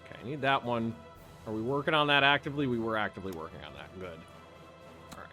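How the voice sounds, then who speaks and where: Bright, chatty male game commentator. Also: medium pitch, fast, soft background music. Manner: chatty, thinking aloud, easily excited. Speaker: video game streamer. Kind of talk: casual let's-play commentary.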